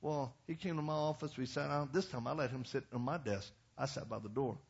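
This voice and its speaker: A middle-aged man delivers a storytelling sermon, blunt and animated. He keeps turning to the audience with quick asides. His voice sits in a plain middle pitch, and the recording sounds dull and muffled. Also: creaky, husky. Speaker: pastor.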